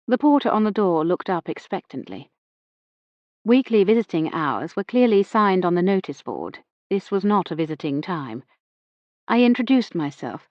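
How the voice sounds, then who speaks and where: A woman reads a first-person mystery in a measured, reflective manner. Her voice is on the low side and the sound is dry. The recording has a slightly dull, lo-fi tone. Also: big pitch swings, no echo. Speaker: audiobook narrator. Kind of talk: first-person scripted narration.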